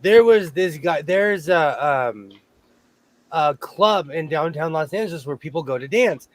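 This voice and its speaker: A man's voice: fairly high pitch, measured pace, no room sound. A man chatting casually on a podcast, telling stories with lots of laughs. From American South. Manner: animated storyteller, laughs often. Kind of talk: casual chat.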